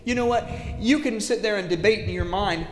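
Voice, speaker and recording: Male preacher, animated, acts out quotes; recorded in a roomy hall, faint noise behind. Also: high-pitched, brisk. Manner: animated, acts out quoted voices, repeats words. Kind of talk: sermon.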